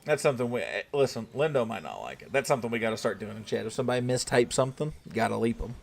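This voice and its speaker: A young gaming streamer with a Southern US accent chats casually with his viewers while playing, joking and staying laid-back. His medium-pitched voice is gravelly and animated, and he talks very fast.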